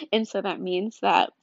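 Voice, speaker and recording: A woman's voice: medium pitch, fairly even intonation, slow pace, vocal fry, dry recording. Young woman talking honest and tired, rambling bit, dry dull lo-fi sound. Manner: earnest, rambling, confessional. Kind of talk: candid faith talk.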